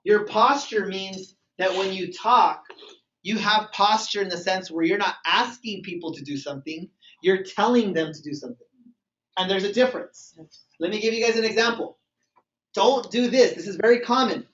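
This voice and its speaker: A lively, high-voiced man delivers motivational sales training at a moderate pace to a live group in a meeting room, acting out brief phone dialogues. The recording is distant, echoey and dull.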